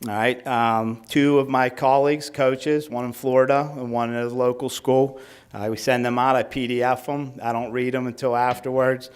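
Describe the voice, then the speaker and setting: This is a middle-aged man coaching high school football, presenting awards at his team's banquet. His reading of the names is slow and smooth but flat, padded with fillers and meandering side comments.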